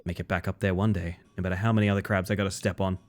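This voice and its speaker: A man's voice: low-pitched, little pitch movement, very fast, darkish tone, a little hiss or hum, pitched below the performer's own voice, close to an everyday voice. A man voicing a bitter, ruthless down-on-his-luck sea creature in a game, in a brooding manner.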